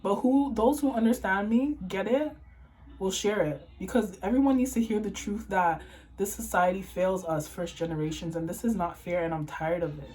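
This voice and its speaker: A woman's voice: medium pitch, normal speed, mellow, low-quality recording. Tearful young woman ranting to camera. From Toronto, Canada. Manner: impassioned, ranting, swearing. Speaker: vlogger. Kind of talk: emotional to-camera monologue.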